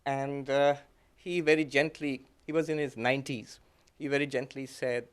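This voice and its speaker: A man, a monk, giving a reflective talk that mixes his own story with teaching, speaking gently with frequent fillers and soft laughs. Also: medium pitch, level tone, normal speed, smooth. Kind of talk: reflective lecture with personal story.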